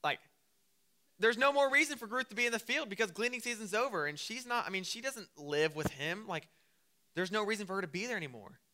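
A young man preaching a casual sermon, telling the story with lively acted-out quotes. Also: sits high, a little fast. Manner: animated storytelling, acting out quotes.

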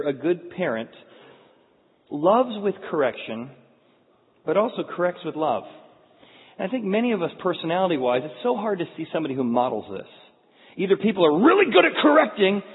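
A man preaching a sermon, telling stories in an animated way with frequent restarts. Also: on the high side, breathy edge. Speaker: pastor. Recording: phone-like sound in echoey hall.

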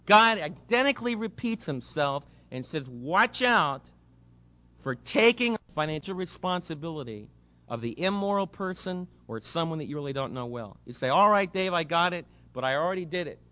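Bright, high-voiced male preacher. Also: normal speed. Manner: animated, acts out quoted voices, speeds up when excited. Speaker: pastor. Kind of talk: sermon.

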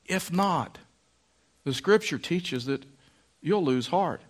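A pastor preaching a sermon in a folksy, storytelling way. His man's voice sits a little high. He drives his points home by repeating phrases. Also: animated, takes it slowly.

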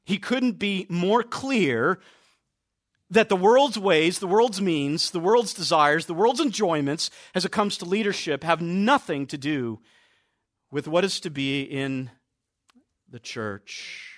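A man preaching a sermon as pastor, stressing key words with slow, drawn-out emphasis. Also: high-pitched, expressive, no echo, studio quality.

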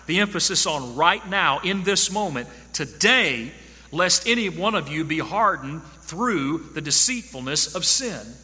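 Male preacher, high and very bright tone, emphatic and repetitive delivery, hall reverb. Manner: emphatic, repeats key phrases for stress. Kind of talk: sermon.

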